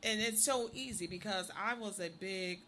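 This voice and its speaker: A middle-aged woman co-hosting a talk show, telling stories in a lively way and laughing often. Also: medium pitch, moderate pace, a little hiss or hum. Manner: animated storyteller, laughs often. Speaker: radio show co-host. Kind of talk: casual chat, storytelling.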